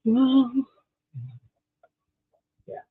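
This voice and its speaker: A man's voice: extremely slow, slight background noise. A man from Canada chatting casually on a livestream while beading, giving blunt, candid opinions. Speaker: livestream host. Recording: tinny phone-like dry sound.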